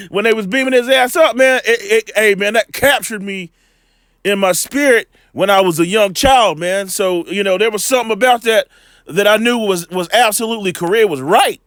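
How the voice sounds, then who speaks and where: A man giving a loose, slangy scripture lesson, full of fillers and repeated "all right", slowing down when he reads the verses. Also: high voice, a bit bright, no echo, studio quality. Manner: reads scripture slowly and deliberately. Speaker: bible teacher.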